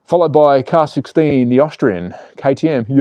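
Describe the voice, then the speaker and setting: A man's voice: medium pitch, animated, moderate pace, no echo, muffled recording. A man hosting a live stream, joking with viewers and calling a toy car race in a chatty, jokey way. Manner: jokey, chatty, reads viewer comments aloud. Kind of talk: live race commentary and chat.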